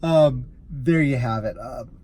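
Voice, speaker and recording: Amused rideshare driver rambling casually. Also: male voice, medium pitch, slow, darkish tone. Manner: easily amused, rambling with restarts. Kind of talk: casual storytelling vlog.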